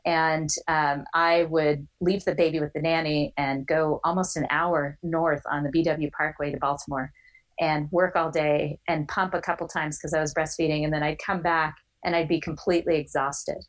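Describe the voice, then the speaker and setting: A woman in her forties telling a personal story as a podcast guest, animated and quick to act out the voices of others. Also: low-pitched, rough recording.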